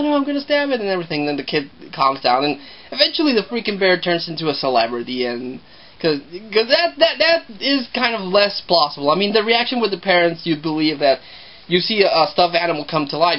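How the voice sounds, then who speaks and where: A man's voice: on the high side, muffled recording. A man talking through a movie review in a casual, rambling way, often repeating himself.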